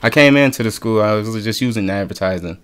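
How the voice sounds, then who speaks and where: A man's voice: fairly low pitch, fast talker, fairly bright tone, clear, resonant tone. A young man chatting casually as a podcast guest, laid-back, laughing often and swearing freely. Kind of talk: casual chat.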